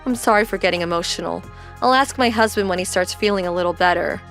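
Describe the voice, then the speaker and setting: A woman's voice: fairly low pitch, fast talker, a bit bright, soft background music. An actress voicing a worried, protective young wife who confronts her husband's boss insistently.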